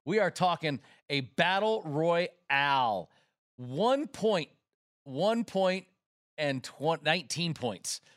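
A man co-hosting a sports betting show, running through odds and drivers in an excitable, rapid way from a studio. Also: on the high side, dry recording. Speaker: co-host.

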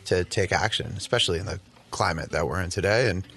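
A man's voice: low-pitched, fast talker, bright, forceful tone, slight background noise. A man hosting a casual interview, asking questions and affirming his guest in an engaged way. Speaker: host.

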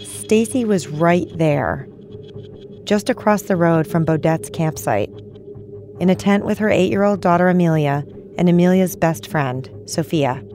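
A woman podcast host delivering scripted narration in an even, measured way. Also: fairly low pitch, faint music behind.

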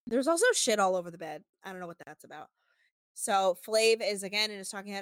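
A woman rambles through a casual podcast recap and swears freely. Her voice sits at a middle pitch. The recording is dry and close. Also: animated, fast talker, no room sound. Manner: rambling, swears freely, quotes people in bursts. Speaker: podcast host recapping a reality show.

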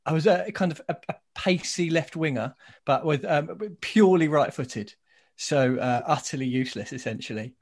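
A man's voice: fairly high pitch, moderate pace. A man from England hosting a podcast, chatting casually with dry, self-mocking humour. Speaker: podcast host. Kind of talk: casual chat.

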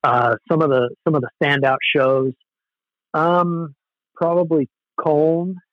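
A man with a slightly higher voice tells a story in a loose, animated way and swears freely. The sound is dry and close, with a dull, lo-fi edge. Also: measured pace, no room sound. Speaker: musician guest. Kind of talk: casual storytelling.

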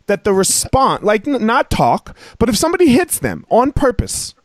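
Lively, high-voiced man telling a story. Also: moderate pace, no echo. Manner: animated storyteller. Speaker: podcast host. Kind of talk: casual podcast conversation.

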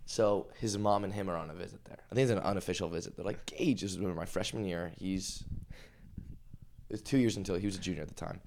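A man's voice: low voice, quick pace, gravelly, a little hiss or hum. A man in his thirties from Hawaii, a podcast guest and coach, telling a story casually and laughing often. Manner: animated storytelling, breaking into laughter.

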